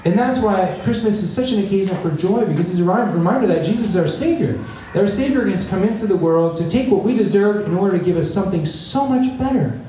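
Talking fast with few pauses, this pastor has a high voice and a dark tone, dropping frequent "right?" asides into his conversational sermon. The echoey room puts him at a distance, and there's a little hiss or hum.

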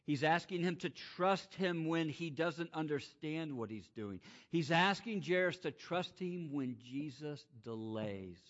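Man, preacher, sermon, dynamic delivery, slightly high voice, muffled recording. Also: expressive, unhurried, hardly any pauses. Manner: dynamic, swings from loud rising exclamations to quiet hushed emphasis. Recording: muffled lo-fi sound.

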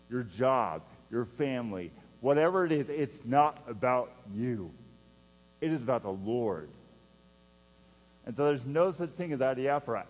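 A man preaching a sermon in an earnest style, repeating key phrases and dropping to a hush for emphasis. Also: medium pitch. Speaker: pastor. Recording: dull sound with long hall reverb and mains hum.

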